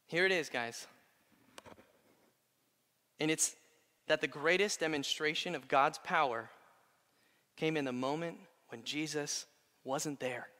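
Male pastor preaching in a big hall with long reverb, high and bright-toned. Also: a little slow, pauses often. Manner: animated, swings from quiet to loud. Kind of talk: sermon.

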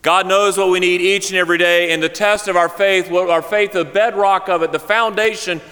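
A man's voice: sits high, steady tone, a little fast, bright, forceful tone. A male pastor delivering a sermon, telling a joke story and then speaking earnestly. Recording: long hall reverb.

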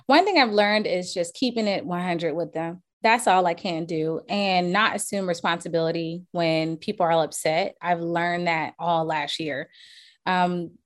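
A woman's voice: lowish voice, measured pace. A woman, a realtor guest in a casual podcast interview, telling stories animatedly, acting out quotes and laughing often.

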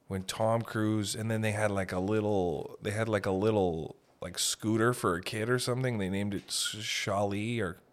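A man's voice: on the low side, fairly even intonation, moderate pace, hardly any pauses. Rambling, swearing comedic male podcaster. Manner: meandering, self-deprecating, swears casually, breaks into loud mock shouts. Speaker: podcast host.

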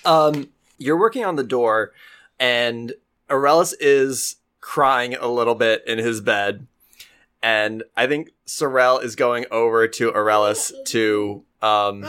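A woman narrating as game master of a tabletop game, in a relaxed way with fillers and hedges. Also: a bass voice, slow, clear, resonant tone.

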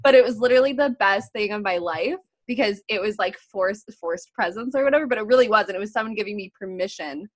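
A young woman hosting a podcast, telling stories in a casual, animated way, laughing often and swearing freely. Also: medium pitch, fast talker, hardly any pauses. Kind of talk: casual chat.

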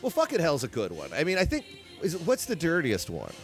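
A man hosts a podcast from inside a bar, rambling in casual chat full of fillers. His voice is a little high, a little fast, and swings hugely in pitch, with soft music in the background.

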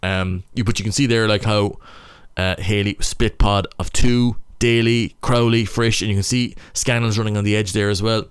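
Irish man, young, low smooth voice, stop-start casual rugby analysis. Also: fairly even intonation, moderate pace, hardly any pauses, no room sound, studio quality. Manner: stop-start, thinking aloud. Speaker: rugby player analysing match footage. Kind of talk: casual match breakdown commentary.

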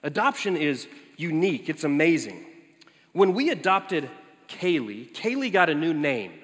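A man in his forties preaching as a guest, telling lively family stories with animated quotes of his child. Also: on the high side, measured pace. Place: large church sanctuary. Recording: echoey large hall.

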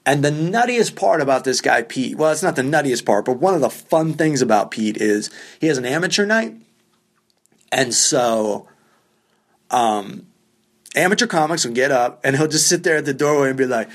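A man's voice: mid-range voice, lively intonation, a little fast. A male comedian hosting a podcast, telling a rambling, self-deprecating story with plenty of swearing. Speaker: podcast host and stand-up comedian. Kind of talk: casual storytelling.

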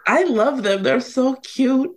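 A woman guest on a casual podcast, telling an animated story with lively quoted lines. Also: high voice, takes it slowly.

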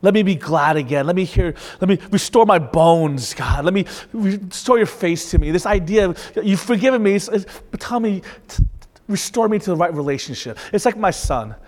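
A man preaching a sermon in a conversational, animated way, often restarting his sentences. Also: high voice, normal speed, in a large hall. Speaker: pastor.

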